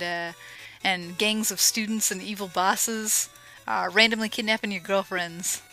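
A woman giving casual, joking commentary over a retro game she is playing, with sarcastic asides and excited yelps. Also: mid-range voice, rough recording. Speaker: let's play commentator. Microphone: home microphone.

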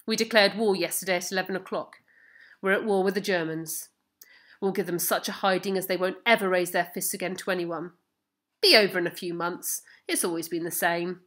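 A woman reading aloud as a blustering, patriotic middle-aged farmer who calls out loudly. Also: on the low side, fairly even intonation, fairly quick, close to an everyday voice. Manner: loud, boastful, shouting. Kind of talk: storybook reading.

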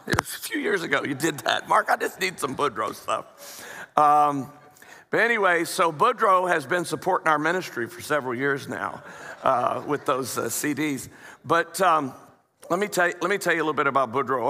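A male preacher tells jokes and stories to his congregation in a folksy, easygoing way, often restarting his sentences. His voice is bright and forceful, pitched a little high for a man. The sound rings with the long reverb of a church hall. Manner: folksy, joking, with frequent restarts. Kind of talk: storytelling sermon.

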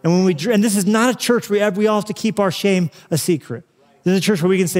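A male pastor preaching a sermon, swinging between loud urging and hushed, tender passages. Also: high-pitched, fast talker, in a large hall.

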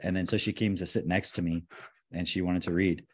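A man's voice: sits low, steady tone, fairly quick. A man hosting a podcast in casual chat, talking animatedly and acting out the voices of people he quotes. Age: young adult or middle-aged, father of a four-year-old. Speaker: podcast host.

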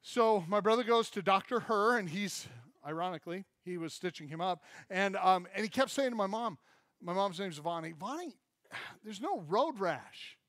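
A man preaching a sermon as pastor, telling a funny story from childhood with lively acted-out quotes. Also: high-pitched, moderate pace, dry recording, clean studio sound. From Michigan. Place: church.

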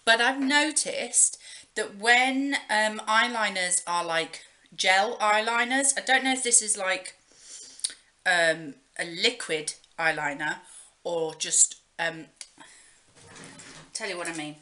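A young beauty vlogger casually shows off gifts she received in the mail, rambling with plenty of fillers. She speaks slowly, with a medium-pitched voice and a sharp tone.

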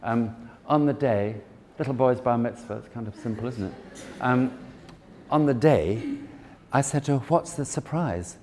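A man's voice: mid-range voice, normal speed, a little mellow. A man giving a chatty, self-deprecating talk to an audience as an event designer. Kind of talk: anecdotal presentation to an audience. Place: large formal hall. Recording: echoey hall, faint background noise.

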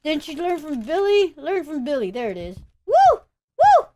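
A young woman commenting as she plays a video game, excitable, shrieking and groaning as she wins and fails. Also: sits high, brisk. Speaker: gaming YouTuber. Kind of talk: let's play commentary.

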